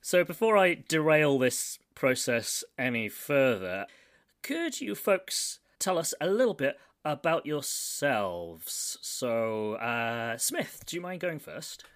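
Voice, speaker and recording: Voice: medium pitch, sing-song, slow. A British podcast host in a casual chat who is self-mocking and laughs often, speaking with guests on a remote call.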